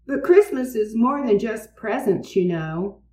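A woman's voice: fairly high pitch, expressive, a little slow, dark tone. A woman voicing a kindly uncle who reassures a child, in a storybook reading recorded in a roomy space. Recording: roomy, distant mic.

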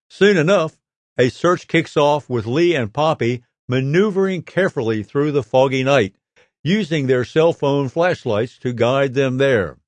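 A man reads entertainment news straight from a script in a middle-pitched voice. His delivery is steady, lifting slightly when he quotes a line. The recording is dry and close, with no room around it. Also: a little slow, no echo. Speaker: soap news reader.

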